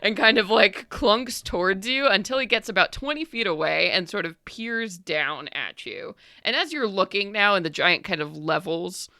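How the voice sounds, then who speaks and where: A woman's voice: medium pitch, expressive, normal speed, hardly any pauses, sharp tone, dry recording, studio quality. A woman narrating as game master for a tabletop game, describing scenes in a rambling way full of likes and uhs.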